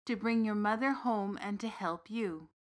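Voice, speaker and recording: A woman reading the part of a big, gently knowing uncle from the fairy realm in an audiobook story. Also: medium pitch, unhurried, close to an everyday voice. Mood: calm. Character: big warm Irish uncle, old fairy king's son.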